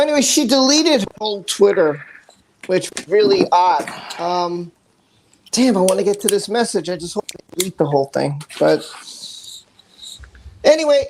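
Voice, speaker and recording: A man's voice: sits high, gravelly, darkish tone, a little hiss or hum, rough recording. A man hosting a live stream, telling a personal story in a candid, blunt way that is full of swearing. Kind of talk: casual live stream talk.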